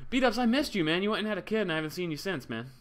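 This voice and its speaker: A man's voice: sits high, lively intonation, rapid-fire. A young man streaming a game, chatting casually, joking around and thanking viewers. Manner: goofy, jokey, thanks viewers. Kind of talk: casual livestream chat.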